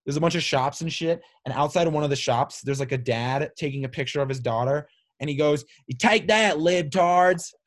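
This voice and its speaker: A young man, a podcast co-host, chatting casually and telling an animated, profane story. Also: mid-range voice, quick pace. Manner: loose, animated storyteller, swears a lot. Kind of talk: casual chat.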